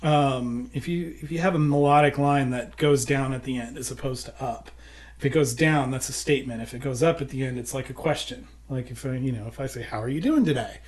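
A man's voice: medium pitch, fairly even intonation, a little fast. An American man talking casually about songwriting, explaining ideas and humming musical examples. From United States. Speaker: songwriter and producer. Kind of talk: casual conversation.

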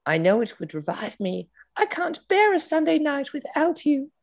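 Someone putting on a shrill posh English lady. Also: big pitch swings, normal speed, gravelly, heavily acted. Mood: flirty. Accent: put-on posh English.

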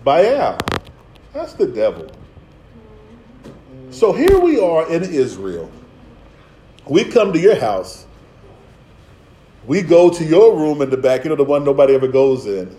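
Streetwise preacher in an echoey room. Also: male voice, fairly high pitch, sing-song, measured pace, long pauses, dark tone. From Philadelphia. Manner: streetwise preaching with playful asides and acted-out voices. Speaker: pastor. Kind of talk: sermon.

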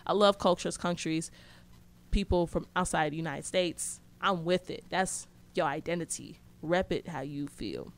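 A woman's voice: fairly low pitch, measured pace. A young woman telling a story in casual, slangy speech, blunt and sarcastic.

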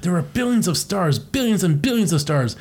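A man voicing a calm, earnest cartoon plumber playing therapist. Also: sits high, a little fast, breathy edge, pitched above the performer's own voice, heavily acted. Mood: soothing.

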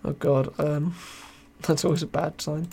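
A man's voice: fairly high pitch, flat delivery, unhurried, vocal fry, dark tone, husky. A young British man hosting a casual live podcast, rambling and self-mocking, tired with his voice wearing thin. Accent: British English. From Britain. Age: young adult. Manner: rambling, self-mocking, reads chat aloud. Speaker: podcast host.

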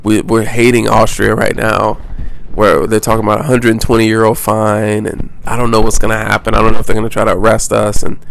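A young man from the United States tells a travel story in a loose, rambling way, swearing freely and restarting his sentences. His voice sits low and flat, with a gravelly edge. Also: brisk, a little hiss or hum. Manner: rambling, profane, full of restarts. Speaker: travel vlogger. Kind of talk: casual storytelling.

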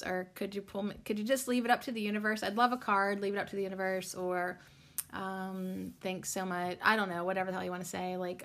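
A woman's voice: medium pitch, little pitch movement, a little fast, a bit bright. A woman hosting her own podcast, talking in a chatty, rambling way with many ums and the odd curse word. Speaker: podcast host. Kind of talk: casual solo podcast chat.

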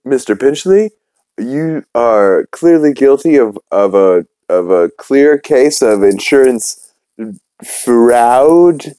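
A man's voice: mid-range voice, lively intonation, slow, dark tone, smooth, no room sound, pitched above the performer's own voice. A man voicing a fussy male insurance agent who speaks in a raised, formal tone. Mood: accusing.

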